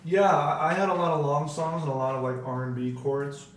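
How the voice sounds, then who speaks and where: A man's voice: on the high side, fairly quick. Young man, casual guest comedian, rambling and self-correcting, recorded from a distance in a very echoey room with faint background noise. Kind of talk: casual chat.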